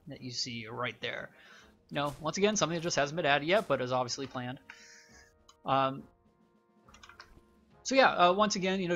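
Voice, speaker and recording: A man's voice: fairly high pitch, creaky, fairly bright tone, lo-fi sound. A young man hosting a gaming channel, giving casual, rambling game commentary with many fillers.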